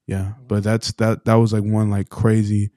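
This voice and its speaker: Young male podcast co-host, low and mellow, loose rambling testimony, dry recording. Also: monotone, normal speed, no room sound. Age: 20s. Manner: rambling, full of "like". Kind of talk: casual testimony.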